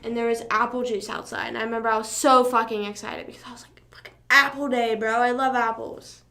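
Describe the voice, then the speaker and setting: Bright-voiced young woman chatting on stream. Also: a little high, steady tone, fast. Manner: rambling, heavy "like" filler, swears casually. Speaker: livestream host. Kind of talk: casual livestream chat.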